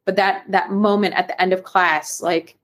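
A woman co-hosting a casual fitness podcast, chatty and quick to laugh, with lots of fillers. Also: mid-range voice, fairly even intonation. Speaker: podcast co-host. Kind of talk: casual chat.

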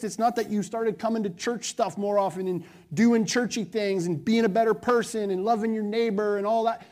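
A male pastor preaching a sermon to his church with passion, his voice swinging from loud, urgent stretches to hushed ones. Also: very high voice.

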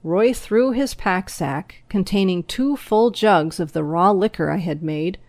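A woman reading an audiobook chapter aloud in a steady, measured storytelling voice. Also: fairly low pitch, dry recording. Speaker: audiobook narrator. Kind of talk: scripted narration.

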